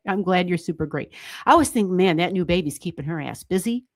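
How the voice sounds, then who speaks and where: A woman hosting a livestream, chatting casually as she reads charts, excitable and laughing often, with casual swearing. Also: fairly low pitch, brisk, no echo. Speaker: astrology livestream host.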